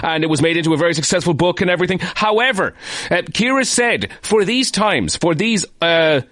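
An Irish man co-hosting a radio show, rattling along quickly in a slightly high voice. He banters with loud exclamations and jokes, and the studio sound is close and dry. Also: dry recording. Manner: animated, exclamatory, jokey. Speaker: radio host.

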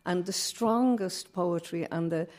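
A woman poet, not a native English speaker, talking thoughtfully on a panel with a measured, musing manner. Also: on the low side, a little mellow. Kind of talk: reflective panel discussion.

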